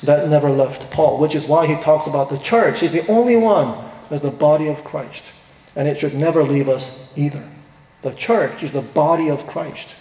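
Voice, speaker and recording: A man's voice: on the high side, moderate pace, warm tone. A male pastor preaching a sermon in a church, earnest, his voice rising when he quotes scripture. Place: church sanctuary. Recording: echoey hall, distant reverb.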